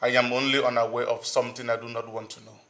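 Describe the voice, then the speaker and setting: A man playing a bright-voiced threatening man. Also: mid-range voice, flat delivery, fast, close to an everyday voice. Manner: firm, threatening.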